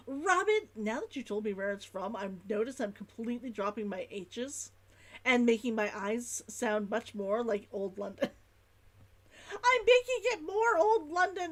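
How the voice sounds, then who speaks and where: A woman's voice: high voice, lively intonation, unhurried. A woman streamer chatting casually through a game, giggly and laughing often. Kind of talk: gaming livestream chat.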